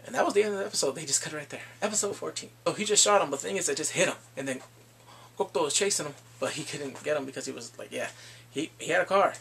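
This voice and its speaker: A man recapping episodes of a TV drama in a casual vlog, animated and quick to act out scenes with squeals and laughs. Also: a little high, creaky. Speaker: drama reviewer.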